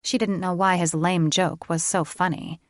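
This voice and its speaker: A woman narrating a fantasy audiobook in a measured, unhurried storytelling manner. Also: fairly low pitch, fairly even intonation, no room sound, studio quality.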